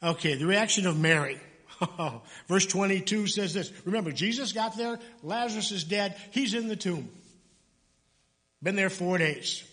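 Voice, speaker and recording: A man's voice: high-pitched, a little slow, a bit bright, big-room sound. A male pastor giving a sermon in church, talking in a loose, conversational way, often stopping to correct himself and joking with the congregation.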